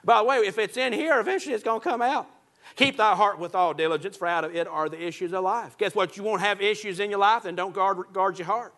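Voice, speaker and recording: High, bright-voiced folksy preacher. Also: male voice, steady tone, quick pace. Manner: folksy, joking, emphatic preaching with frequent "uh" and "listen". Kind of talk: Baptist sermon.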